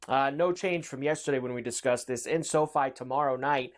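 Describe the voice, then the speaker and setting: A man's voice: medium pitch, brisk. A man hosting a sports betting show, reading trade news and odds in an upbeat way with frequent fillers.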